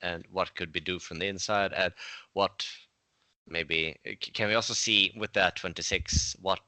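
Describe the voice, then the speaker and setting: A man's voice: low-pitched, fairly even intonation, measured pace, bright, forceful tone, dry recording. A man playing a tabletop game, talking casually and rambling a bit, swearing now and then. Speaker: player.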